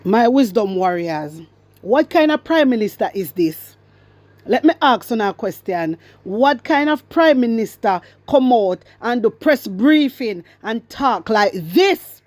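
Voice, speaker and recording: A woman's voice: fairly high pitch, expressive, measured pace, dry recording. A woman with a Jamaican accent giving emphatic, repetitive political commentary to her viewers, mixing in patois. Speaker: commentary vlogger.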